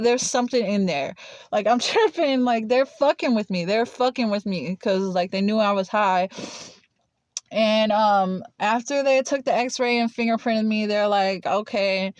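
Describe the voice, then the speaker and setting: A woman's voice: mid-range voice, a little mellow, dry recording. A young woman telling a personal story in casual chat, blunt and swearing freely, with lots of "like" fillers.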